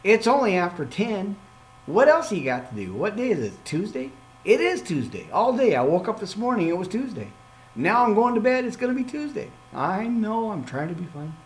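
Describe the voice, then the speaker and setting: A man, a minister hosting a live podcast, signing off with excitable, playful talk, frequent amens and asides to himself. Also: high-pitched, normal speed. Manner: preacherly amens and exhortations.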